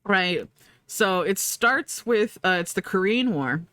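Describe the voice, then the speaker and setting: A woman's voice: medium pitch, expressive, slow, bright, forceful tone, no echo. A woman streamer in casual chat, rambling and profane, laughing often as she talks.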